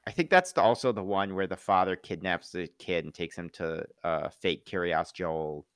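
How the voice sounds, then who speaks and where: A man co-hosting a casual podcast chat, rambling with lots of filler words and quick jokes. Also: deep voice, a bit bright, no room sound, clean studio sound. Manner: rambling, full of filler "like", jumps into silly voices. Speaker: podcast co-host.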